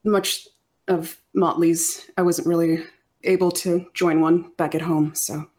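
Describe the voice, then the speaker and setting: A woman's voice: on the low side, flat delivery, unhurried, darkish tone. A woman playing a tabletop role-playing game, answering in character in a hesitant, evasive way that often trails off. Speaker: player.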